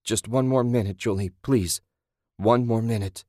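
A furious, violent man in a horror audiobook, voiced by the male narrator, shouting raw and harsh. His low voice turns ragged as he rages. The recording is dry and close. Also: normal speed, no echo, lightly acted. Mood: pleading. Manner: raging, shouting. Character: enraged, violent man in a brutal fight.

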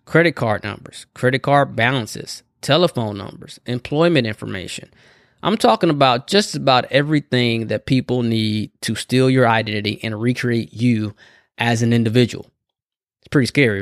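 A man's voice: mid-range voice, no echo, clean studio sound. A man hosting a podcast in casual solo talk, conversational, often tagging his sentences with "right?" and laughing now and then. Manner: conversational, keeps adding "right?" as a tag. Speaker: podcast host.

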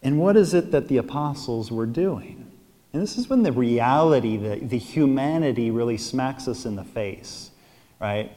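A man's voice: mid-range voice, animated, moderate pace, mellow. Man preaching in a reverberant church. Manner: conversational preaching, frequent "right?" tags. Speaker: priest. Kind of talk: sermon at mass.

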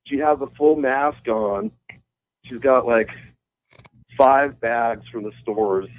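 A guest guitarist on a muffled call-in line takes his time telling a loose, rambling story. He has a mid-range voice, swears freely and laughs along with himself.

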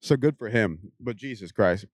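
A man hosting a casual podcast chat, talking in a profane, rambling way full of quick tangents. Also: fairly low pitch, animated, dry recording, studio quality. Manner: often mimics other people's voices. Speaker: podcast host.

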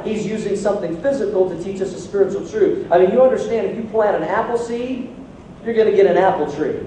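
Animated, high-voiced pastor in an echoey hall. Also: male voice, recorded from a distance, a little hiss or hum. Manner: animated storytelling with self-mocking humor. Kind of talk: sermon. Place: church sanctuary.

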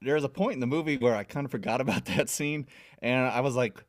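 A man's voice: medium pitch, a little fast, no echo, clean studio sound. A man co-hosting a casual film review podcast, laughing often and agreeing. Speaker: podcast co-host.

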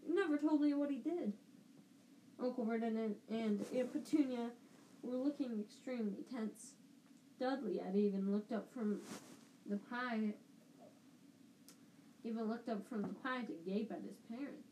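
Slow woman reading a storybook aloud. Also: a little high, steady tone, warm tone, slight background noise, poor audio. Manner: slow, careful reading with frequent restarts. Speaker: reader of a book. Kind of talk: amateur audiobook reading.

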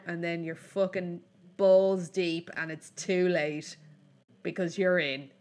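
A woman co-hosting a podcast, talking in a blunt, animated way and swearing freely. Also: fairly low pitch, unhurried. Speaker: podcast co-host. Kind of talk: casual chat.

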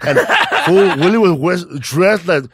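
Slangy, animated male podcast host. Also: high voice, takes it slowly, husky, dry recording, clean studio sound. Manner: slangy, excited, laughing. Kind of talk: casual chat.

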